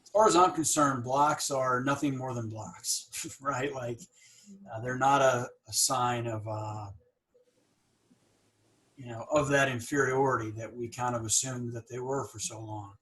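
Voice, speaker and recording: A man's voice: mid-range voice, steady tone, measured pace, a bit bright, low-quality recording. Man hosting a podcast, reflective. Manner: reflective, with frequent fillers and occasional blocks. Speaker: podcast host. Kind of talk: casual interview conversation.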